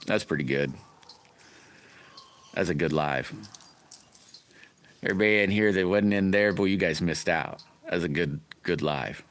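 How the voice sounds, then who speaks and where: A man's voice: low-pitched, unhurried, long pauses, a bit bright. A middle-aged man, rambling in a folksy way as he hosts a casual livestream and greets viewers by name. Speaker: livestream host chatting with viewers.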